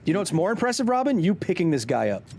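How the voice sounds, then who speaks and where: A man's voice: high voice, big pitch swings, quick pace, gravelly, darkish tone. A man in his thirties hosting a casual live stream, joking while reading chat aloud. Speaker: streamer and host.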